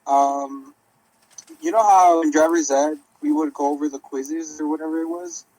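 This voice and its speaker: A man's voice: a little high, fairly even intonation, normal speed, dark tone, no echo, poor audio. A young man, a guest on a casual podcast, rambling through stories, swearing casually and laughing. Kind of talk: casual chat.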